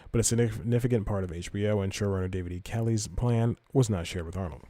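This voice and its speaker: A man's voice: lowish voice, fast, warm tone, dry recording. A man hosting a comedy podcast, rambling through news stories in a casual way, correcting himself often and reading articles aloud. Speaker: podcast host.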